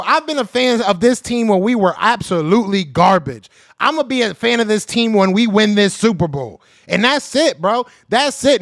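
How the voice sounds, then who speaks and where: A man with a high voice on a close, dry mic, hosting a sports podcast stream. He trash-talks rival fans in loud slang and hammers each point over and over. He speaks straight to viewers in the chat. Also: dry recording. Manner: heated, trash-talking, repeats himself for emphasis. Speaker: podcast host. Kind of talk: live-stream sports rant.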